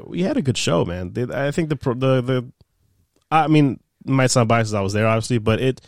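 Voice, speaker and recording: A man's voice: mid-range voice, brisk, creaky, no room sound. Young man telling stories, swearing, dry sound. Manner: animated, swears freely, acts out quoted dialogue. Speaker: podcast guest, former sports radio producer. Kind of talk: casual storytelling chat.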